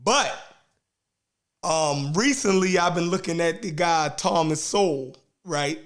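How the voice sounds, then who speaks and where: A man hosting a casual discussion who speaks slowly, with many pauses, "um"s and "right"s. His voice sits a bit high for a man. He picks his words as he goes. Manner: slow, hesitant, lots of um and right.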